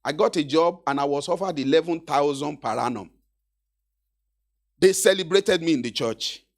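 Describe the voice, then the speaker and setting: A man's voice: a little high, normal speed. Encouraging Nigerian man addressing graduates. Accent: Nigerian Yoruba. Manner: exhortative, anecdotal, with asides to the audience. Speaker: graduation speaker. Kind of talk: encouraging speech to an audience.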